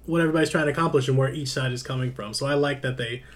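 A man's voice: medium pitch, rapid-fire. A man co-hosting a casual podcast, thoughtful and hesitant as he searches for his words. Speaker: podcast co-host. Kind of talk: casual chat.

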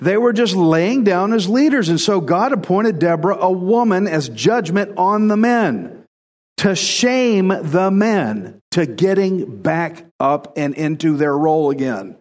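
A man preaching a casual, conversational sermon, animated and repeating phrases for emphasis. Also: high voice, a little slow, long reverb tail. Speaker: pastor.

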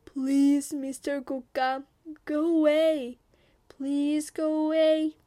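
A woman's voice: a little high, slow, a little mellow. A woman voicing a frightened male tiger in a storybook, once boastful, now pleading. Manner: anxious, pleading.

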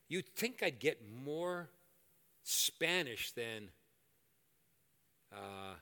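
An older man preaching a sermon and leading prayer in a church, animated and joking at his own expense. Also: mid-range voice. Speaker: pastor. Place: church hall. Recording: echoey hall reverb.

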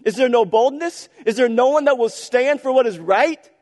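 A man voicing the shepherd boy David from a sermon, pleading and rising to a shout. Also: very high voice, normal speed, voice pushed up. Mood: urgent pleading. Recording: long hall reverb.

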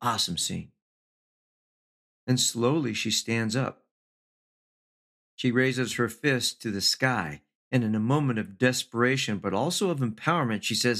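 Earnest middle-aged man giving an inspirational speech. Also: fairly bright tone. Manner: measured, slow lists with lifts in pitch for emphasis; earnest, with wry asides. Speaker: motivational speaker.

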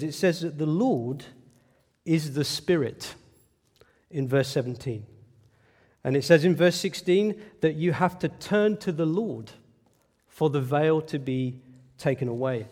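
A man's voice: fairly high pitch, a little mellow, long reverb tail. A male pastor preaching an earnest, emphatic sermon to a congregation, often asking rhetorical questions.

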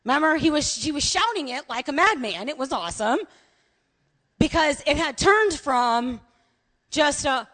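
A woman preaching a sermon in a high voice. She tells her stories in a lively way and shouts at the peaks. A long hall reverb trails each phrase, as in a large church sanctuary. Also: moderate pace. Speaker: pastor.

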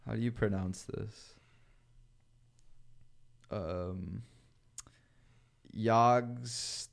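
A man's voice: on the low side, animated, a little slow. A young man hosting a podcast in casual chat, laughing often and stumbling over tricky names. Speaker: podcast host.

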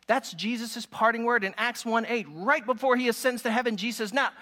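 A man preaching a sermon to a room of listeners, telling stories with lively emphasis. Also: extremely high pitch, fairly quick, long reverb tail. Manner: animated, emphatic storytelling preaching.

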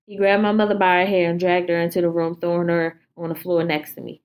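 A woman with a somewhat low voice reads a horror story aloud in a casual, informal way. She stumbles over words now and then and swears freely. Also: level tone, quick pace.

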